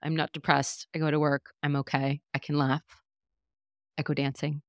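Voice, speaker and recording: A woman's voice: low-pitched, flat delivery, moderate pace, no room sound, studio quality. A woman hosting a podcast, telling a personal story candidly, with many fillers and restarts. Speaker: podcast host. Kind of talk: casual chat.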